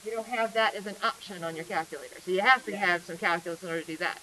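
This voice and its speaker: A woman's voice: on the low side, very fast, pushed and bright, a little hiss or hum, rough recording. A woman teaching a math class in a casual, chatty way, often asking questions and then answering them herself.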